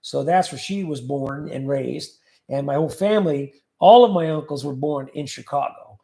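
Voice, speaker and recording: Reading chat on his laid-back livestream, a Californian host cracks jokes about what viewers write. He speaks at normal speed in a voice on the high side, creaky and dark, and the room echoes.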